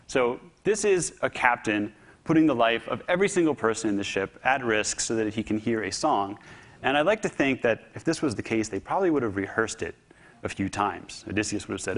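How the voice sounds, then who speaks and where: A man giving a public talk, telling a story with humor and lively delivery. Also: on the low side, normal speed. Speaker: speaker.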